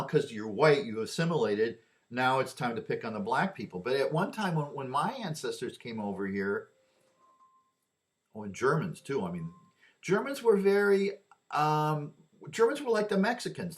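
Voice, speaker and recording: A man delivering a rambling opinion monologue, often repeating and restarting his words. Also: mid-range voice.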